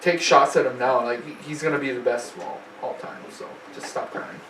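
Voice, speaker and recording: A man's voice: mid-range voice, steady tone, fairly quick. A man co-hosting a podcast, chatting loosely with friends in profane, jokey banter. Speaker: podcast co-host. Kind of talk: casual chat. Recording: roomy, distant mic with faint noise.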